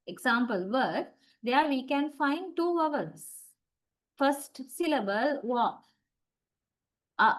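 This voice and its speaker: Patient woman lecturing, higher voice. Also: low-quality recording. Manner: patient, explaining step by step with frequent "right?". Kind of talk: online university lecture.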